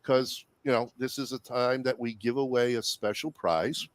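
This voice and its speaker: A man's voice: mid-range voice, fairly even intonation, moderate pace, no room sound. A man hosting a casual show, joking around and laughing often. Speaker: show host. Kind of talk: casual livestream chat.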